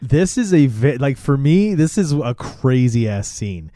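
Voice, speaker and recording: A man in casual podcast chat, recapping a film with lots of swearing and little acted-out quotes. His voice sits at an ordinary middle pitch and sounds dry and close, with no room around it. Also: measured pace, no room sound. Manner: profane, animated storytelling with acted-out quotes. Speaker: podcast co-host.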